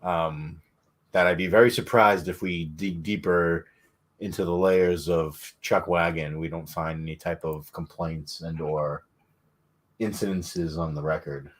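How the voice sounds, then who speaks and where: A man's voice: low-pitched, fairly even intonation, unhurried. A man co-hosting a podcast, telling stories in a laid-back way with lots of fillers. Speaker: podcast co-host. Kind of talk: casual chat.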